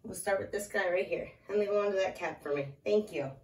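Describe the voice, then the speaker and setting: A woman teaching a relaxed math lesson, talking through each step aloud and stopping to chat with a small child in her arms. She sounds a little out of breath. Her voice rings in an echoey room and comes from some distance off the mic. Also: medium pitch, fairly quick. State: slightly out of breath. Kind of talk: casual math lesson at a whiteboard.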